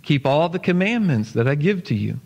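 A man voicing a kind, gentle royal prince who speaks calmly and reassuringly. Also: on the high side, moderate pace, gravelly, heavily acted. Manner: calm, reassuring. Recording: long church hall reverb.

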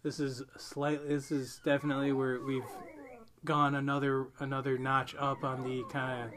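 Easygoing male co-host, mid-pitched and hedging, with faint room hiss. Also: completely flat delivery, moderate pace, a bit bright. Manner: laid-back, hedging, laughs often. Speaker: podcast co-host. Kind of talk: casual beer-tasting chat.

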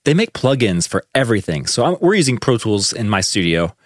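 A man's voice: on the low side, big pitch swings, brisk, no echo. A man co-hosting a podcast from his own studio, chatting with enthusiasm about how tracks are put together. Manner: enthusiastic, chatty, uses fillers. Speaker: podcast co-host, studio owner. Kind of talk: casual chat about studio production.

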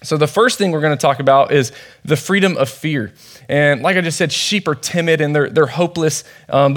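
A man's voice: fairly high pitch, a bit bright. A young man, a youth pastor, preaching a casual, conversational sermon in a church, telling stories with many fillers and restarts.

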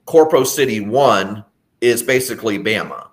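A man's voice: lowish voice, moderate pace. A man co-hosting a podcast, talking casually in long rambling stretches with frequent restarts and sardonic asides. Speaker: podcast co-host. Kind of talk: casual discussion.

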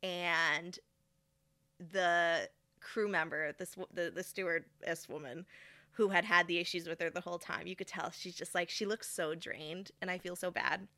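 A young woman vlogger telling a casual story, animated and exasperated, often acting out what people said. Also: lowish voice, normal speed, dry recording.

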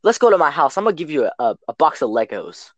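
A man voicing an angry middle-aged mother who shouts accusations and repeats herself. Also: a little high, very animated, fast talker. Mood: sweetly pushy. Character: furious middle-aged mother, shrill and threatening.

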